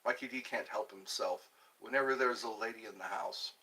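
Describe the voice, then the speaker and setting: A middle-aged man from the United States hosting a casual livestream, slowly rambling and reading out viewer comments. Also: fairly low pitch, pushed and bright. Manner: slow, rambling, chatty. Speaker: livestream host.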